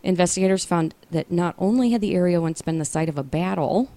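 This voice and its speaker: Low-pitched woman podcast host, reads her notes, dry comebacks, dry close sound. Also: quick pace, dark tone, dry recording. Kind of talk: casual chat, storytelling a case.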